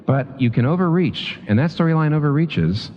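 A man preaching a sermon in a lively, emphatic, conversational way, often restarting sentences and pushing his pitch up on key points. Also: moderate pace, a little hiss or hum. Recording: dull lo-fi sound with long hall reverb.

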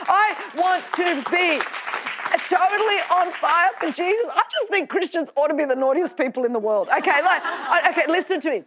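Australian woman, fifties, high voice, animated sermon, laughs often. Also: fairly quick, crowd noise, noisy background. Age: 50s. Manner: animated, joking, with frequent laughs. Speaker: preacher. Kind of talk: lively sermon to a live audience.

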